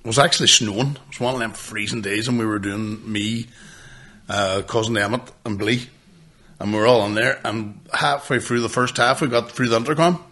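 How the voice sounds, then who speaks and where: A man's voice: lowish voice, fairly even intonation, normal speed, bright, forceful tone. A young man, co-hosting a podcast with sweary, laughing banter and stories. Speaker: podcast co-host. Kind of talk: casual storytelling chat.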